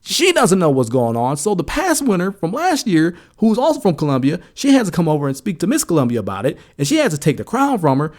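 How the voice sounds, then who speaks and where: An American man who co-hosts a sports podcast retells an event in casual conversation. His voice climbs high and grows animated as the story builds, and he talks fast with few pauses.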